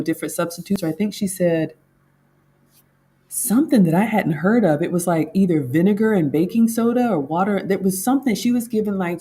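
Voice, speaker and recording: A woman with a low voice talks casually from her home kitchen, reviewing a baking class for her viewers. She is chatty and folksy and keeps calling her audience "class" and "y'all.". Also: warm tone, husky. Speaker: home cook vlogger.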